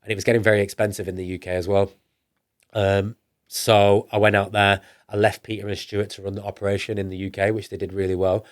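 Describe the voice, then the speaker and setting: A man's voice: lowish voice, flat delivery, fast. A man with a northern English accent, a business guest telling his story in a casual podcast interview, rambling along with restarts and acting out the things people said to him. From northern England. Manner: rambling, with restarts and acted-out quoted dialogue. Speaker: entrepreneur guest.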